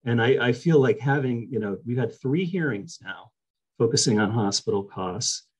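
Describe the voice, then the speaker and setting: A man's voice: medium pitch, moderate pace, slightly rough, low-quality recording. A man giving impassioned testimony at a public hearing over a video call. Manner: impassioned, emphatic. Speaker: hearing witness.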